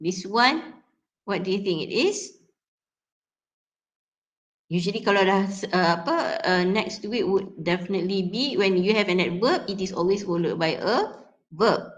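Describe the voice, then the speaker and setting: A woman's voice: mid-range voice, animated, normal speed, pauses often, lo-fi sound. A young woman with a Malaysian English accent giving a classroom lecture on word stress. She talks through examples step by step, with frequent fillers and self-corrections.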